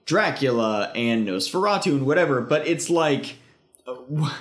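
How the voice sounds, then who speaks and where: A man in a casual chat, recapping a film in a halting way full of fillers and restarts. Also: medium pitch, expressive.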